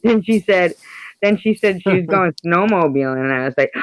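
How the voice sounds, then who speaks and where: A woman's voice: on the low side, expressive, a little fast, rough recording. A woman co-hosting a podcast, chatting casually and teasing, often trailing off mid-sentence. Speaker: podcast co-host. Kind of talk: casual chat.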